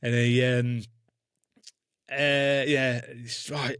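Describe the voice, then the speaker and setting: Mężczyzna opowiadający dosadnie, z czarnym humorem. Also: male voice, medium pitch, fairly even intonation, normal speed, no room sound, studio quality. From England. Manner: blunt, heavy swearing, dark humour. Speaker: guest, army veteran. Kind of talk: casual storytelling interview.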